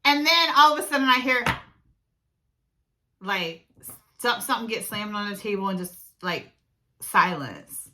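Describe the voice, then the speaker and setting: Bright-voiced middle-aged woman telling a story. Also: mid-range voice, a little slow, pauses often, poor audio. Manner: animated retelling, frequent throat clearing. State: dry throat. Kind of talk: casual storytime vlog.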